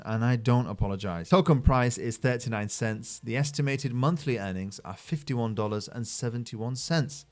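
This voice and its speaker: An upbeat man narrates a screen-share explainer for his own channel. He keeps the pitch mid-range for a man, but his voice swings between bursts of excitement and quieter asides. His delivery is energetic and salesy. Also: moderate pace, hardly any pauses, soft background music. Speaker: channel host reviewing mining projects.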